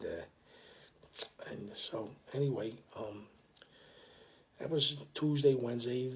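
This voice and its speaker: An older man telling a story in a casual, rambling way, full of restarts and blunt street talk. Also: medium pitch. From South Philadelphia.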